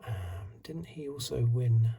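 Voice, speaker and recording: A middle-aged man hosting a soft-spoken ASMR card review, rambling in asides and drifting into whispers, recorded close to the mic. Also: mid-range voice, a little slow, gravelly, breathy edge. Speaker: ASMR channel host.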